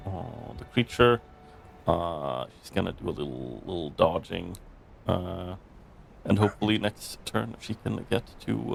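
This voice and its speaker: A man's voice: on the low side, creaky, a bit bright. A man playing a tabletop game, hesitant and full of fillers as he plans his character's moves. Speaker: player.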